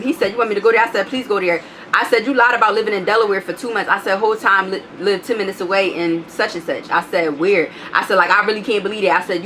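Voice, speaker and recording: A woman vlogger with a child tells her story straight to the camera. She is blunt and swears freely, acting out both sides of an old argument in quotes. Her voice sits at a middle pitch, with faint background hiss. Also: a bit bright. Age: adult, has a child. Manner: blunt, profane, retells arguments in quoted back-and-forth. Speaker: vlogger telling a personal story. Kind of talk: casual storytime monologue.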